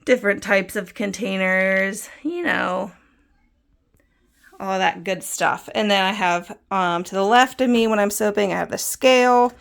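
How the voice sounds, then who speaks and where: A woman's voice: medium pitch, a little slow, creaky, fairly bright tone. A woman in her thirties, a bit out of breath, chatting casually while she gives a tour of her home soap room and lists items with easy laughs. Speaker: soap maker giving a studio tour.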